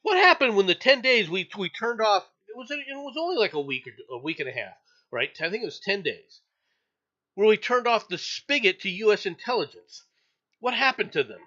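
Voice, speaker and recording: Male news-commentary host, high and sharply bright voice, profane angry rant, stammering restarts, dull lo-fi audio. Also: very animated, brisk. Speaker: show host.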